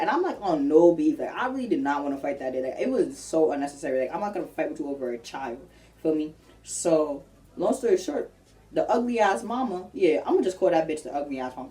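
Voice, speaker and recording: Young woman, lowish voice, slangy and animated, storytime vlog, set back from the mic. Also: quick pace, far from the mic. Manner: animated, slangy, acts out quotes.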